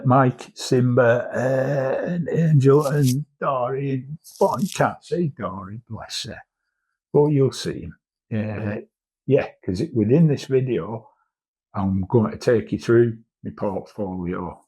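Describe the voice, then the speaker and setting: A man's voice: fairly low pitch, slow, dark tone, slightly rough. A man in his fifties, a commercial artist, chatting casually and rambling through a vlog, swearing now and then. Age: 50s.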